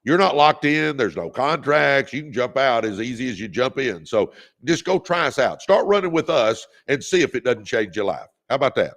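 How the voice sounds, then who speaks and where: Man host, gravel in the voice, preachy motivational livestream delivery. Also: mid-range voice, big pitch swings, moderate pace, a bit bright. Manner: preachy, exhorting, leads call-and-response; reads out viewer comments. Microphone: phone or webcam on a livestream.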